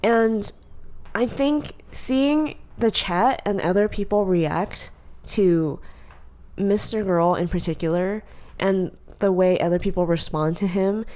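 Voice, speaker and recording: A woman co-hosting a podcast in casual chat, blunt and opinionated, telling stories in an animated way. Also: medium pitch, slow pace. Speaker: podcast co-host.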